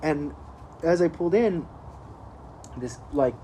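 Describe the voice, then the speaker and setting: A man's voice: on the high side, expressive, takes it slowly, mellow, a little hiss or hum, low-quality recording. A man, co-hosting a podcast, tells a rambling story in casual chat, swearing often and laughing as he goes. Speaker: podcast co-host.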